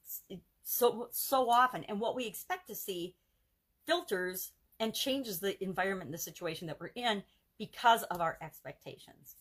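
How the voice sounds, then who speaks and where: A woman's voice: medium pitch, animated, normal speed, a bit bright. A woman hosting a live coaching video, talking earnestly and casually and running through examples in rhythmic lists. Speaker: self-help challenge coach.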